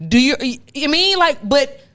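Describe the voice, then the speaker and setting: A young woman hosting a podcast, chatting casually in an animated, emphatic way with plenty of profanity. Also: high voice, unhurried. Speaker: podcast host. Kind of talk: casual chat.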